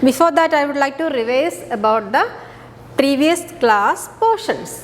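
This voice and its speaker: Malayali lady teacher doing a kids phonics class, high sing-song voice, spells words out slow, bit of room echo and hiss. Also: animated. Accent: Malayali English. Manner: sing-song, coaxing, spells letters slowly and repeats words. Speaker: kindergarten English teacher. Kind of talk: online phonics lesson for small children.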